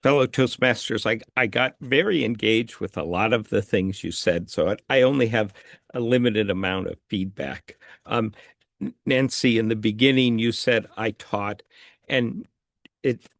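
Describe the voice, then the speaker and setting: A man's voice: mid-range voice, moderate pace, vocal fry, no room sound, studio quality. Hesitant man giving grammar feedback. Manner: hesitant, repeats words, gently corrective. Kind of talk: online meeting report. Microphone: computer mic on a video call.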